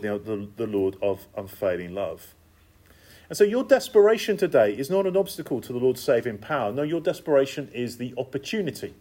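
A man with a mid-range, slightly breathy voice preaches a lively, emphatic sermon. He repeats key phrases in a steady cadence and drops in casual, conversational asides.

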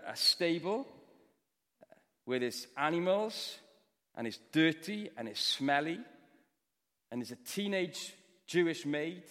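A Welsh man giving a storytelling sermon, moving between hushed, quiet passages and loud, forceful ones. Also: on the high side, in a large hall. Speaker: preacher. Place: church.

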